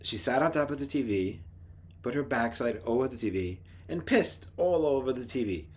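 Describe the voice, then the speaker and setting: A man's voice: medium pitch, animated, moderate pace, breathy edge. A middle-aged man telling rambling personal stories in a casual monologue, with frequent restarts. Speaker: podcast host.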